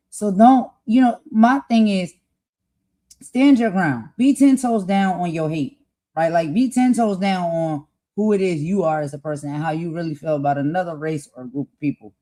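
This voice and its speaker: A woman's voice: on the low side, moderate pace. Fired-up woman host delivering political commentary. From United States. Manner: impassioned, grows loud and emphatic.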